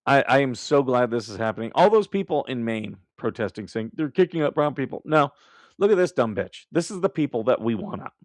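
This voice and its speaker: A man's voice: medium pitch, sing-song, brisk, no echo. A man hosting a casual live stream, talking bluntly and combatively with lots of swearing and laughing at his own remarks. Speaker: livestream host.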